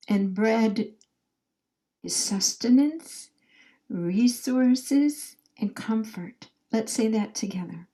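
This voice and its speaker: Leading call-and-response affirmations, a slightly high-voiced woman guides a meditation in a soft, drawn-out manner, her words fading to whispers as listeners echo her. The recording sounds rough.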